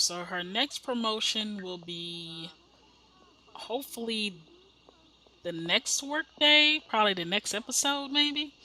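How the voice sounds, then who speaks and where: A Midwestern woman with a lowish, pushed, bright voice chats rambly while narrating her life-sim gameplay, acting out the people in her stories. The audio is poor, with slight background noise.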